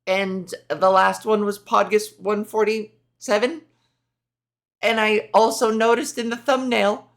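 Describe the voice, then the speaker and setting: Gravelly, slow-talking woman host. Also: on the high side. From Canada. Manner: profane, sarcastic, rambling. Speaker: podcast host. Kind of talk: casual solo podcast rant.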